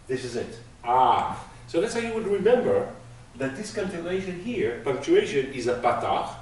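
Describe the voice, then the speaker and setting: A man's voice: sits high, big pitch swings, brisk, a little mellow. A man teaching a class, patiently explaining with everyday examples. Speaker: Hebrew teacher. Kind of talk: classroom lesson. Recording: echoey room from far off, faint noise.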